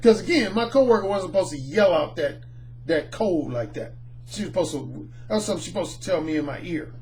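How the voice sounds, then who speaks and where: A middle-aged man, a dating coach, telling a personal anecdote in an animated, storytelling way. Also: sits high, fast talker, slight background noise. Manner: animated, acts out the people in his anecdotes. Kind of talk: storytelling monologue.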